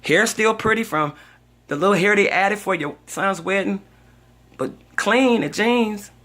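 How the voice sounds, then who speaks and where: An older woman vlogs chattily, telling a personal story with drama and acting out the voices of the other people in it. Her voice is medium in pitch, a bit bright, and her pace is measured.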